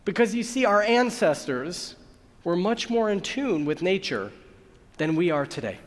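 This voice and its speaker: A man's voice: high-pitched, sing-song, a little slow. A man who is a rabbi, giving a sermon and telling a joke as a story, acting out the voices of its characters. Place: large synagogue sanctuary. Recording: long hall reverb.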